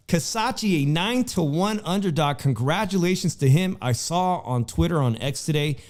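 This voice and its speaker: A man's voice: medium pitch, darkish tone. A man hosting a casual boxing talk show, chatty and full of fillers, often addressing his co-host by name.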